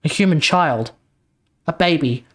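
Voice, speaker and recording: A man's voice: a little high, animated, measured pace, a bit bright. An Australian man chatting casually as a streamer, laid-back and explaining things while swearing freely. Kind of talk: casual chat while reacting to a video.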